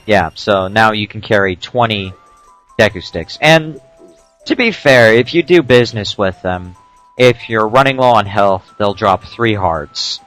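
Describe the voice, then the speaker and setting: A man with a fairly low voice talks casually over gameplay. He explains tips in a relaxed way, drops in dry asides and stops for an "uh" now and then. Faint game music plays underneath. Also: measured pace. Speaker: let's play commentator.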